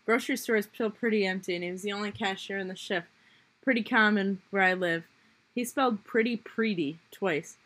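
A young woman co-hosting a podcast, reading a story aloud and chatting in a lively, jokey way. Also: medium pitch, fairly quick. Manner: lively, jokey, laughs often. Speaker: podcast co-host.

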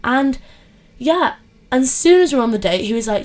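A young woman, telling dating stories in a chatty, animated way with lots of fillers. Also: a little high, fairly quick. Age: 20s. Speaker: podcast host. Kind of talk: casual storytelling chat.

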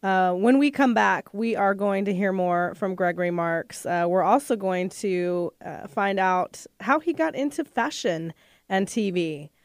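A woman's voice: medium pitch, a little slow, dry recording, studio quality. A woman hosting a radio talk show, encouraging her guest with frequent short replies. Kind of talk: radio interview.

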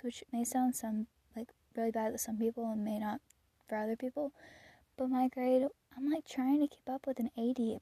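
A teenage girl chatting casually about her week as a podcast host, rambling with fillers and soft laughs, a little out of breath. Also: fairly high pitch, breathy edge, no room sound. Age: teens. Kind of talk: casual personal chat.

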